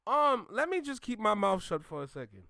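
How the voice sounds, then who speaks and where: A man's voice: high-pitched, very animated, a little fast, creaky, sharp tone, no echo, studio quality. A man hosting a reaction channel, ranting casually in an emphatic, slangy way and repeating himself.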